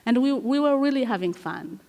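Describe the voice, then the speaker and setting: A woman from Rwanda, a guest playwright and performer, talking in an interview with frequent pauses and repeated words. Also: fairly high pitch, animated, darkish tone. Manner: halting, repeats words, earnest. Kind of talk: conversational interview. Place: festival hall stage. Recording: long reverb of a live festival hall.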